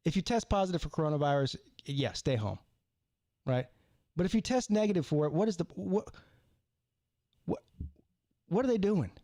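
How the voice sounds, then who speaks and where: A man hosting a live call-in sports talk show, talking in an animated, rambling way with many restarts. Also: fairly high pitch, normal speed, pauses often, no room sound, studio quality.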